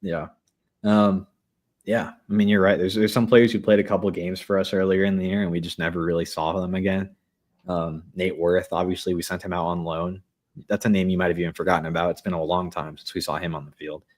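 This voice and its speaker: A man hosting a sports podcast in a relaxed, joking, chatty way. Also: low-pitched, fairly quick. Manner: relaxed, joking, upbeat sign-off. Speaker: podcast host. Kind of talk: casual podcast chat.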